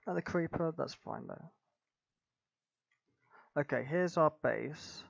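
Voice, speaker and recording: A man grumbling through a game in casual commentary, deadpan and calling his friend mate. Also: on the high side, slow, gravelly. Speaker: gamer. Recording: dull lo-fi video audio.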